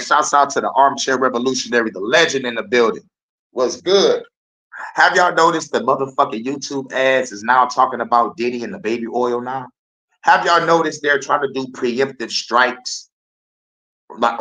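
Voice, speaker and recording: A young man hosts a podcast in a loose, profane, laughing commentary. His voice has a bright, forward edge. He talks over clips in a relaxed way. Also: medium pitch, low-quality recording. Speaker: podcast host.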